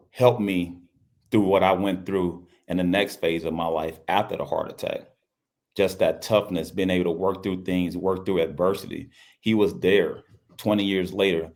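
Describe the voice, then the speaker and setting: Sitting low and darkish in tone, a middle-aged man from Louisiana who coaches basketball shares a personal story in an interview. His manner is earnest, with repeated phrases and quoted speech acted out.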